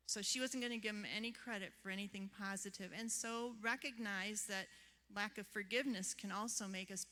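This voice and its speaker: A woman therapist gives a seminar talk to a live audience, telling chatty stories and putting questions to the room. Her mid-range voice is steady, a little fast, pushed and bright, with long hall reverb on the recording.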